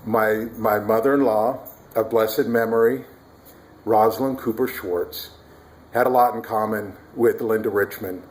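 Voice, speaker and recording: A man with a somewhat low voice tells a personal family story in a relaxed, chatty way. He pauses to demonstrate speech sounds and slips into whispers to illustrate his points.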